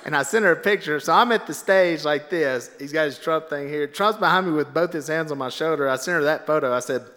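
A middle-aged man with a high, bright voice tells a story in a casual, animated way, jumping in and out of other people's voices. His talk rings out with a long echo, as in a large hall. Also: a little fast, hardly any pauses. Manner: animated, acts out quoted voices. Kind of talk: casual anecdote, told to a laughing audience.

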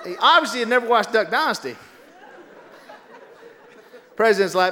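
A man with a drawl tells comic stories on a stage, his voice sitting fairly high. He is animated and breaks into laughter at his own punchlines. The sound carries the long echo of a large hall. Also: quick pace, a little hiss or hum. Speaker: storyteller. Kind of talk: comedic storytelling to a live audience.

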